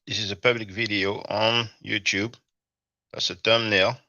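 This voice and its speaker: A man hosting a commentary video, speaking in a measured way and reading out viewer comments. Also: lowish voice, little pitch movement, sharp tone, dry recording. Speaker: commentary channel host. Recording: dull, lo-fi dry recording.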